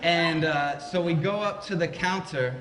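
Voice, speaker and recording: A man's voice: fairly high pitch, measured pace, a bit bright. A young man telling a funny personal story on a live stage, conversational and playful, with chatty asides to the audience. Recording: roomy live hall.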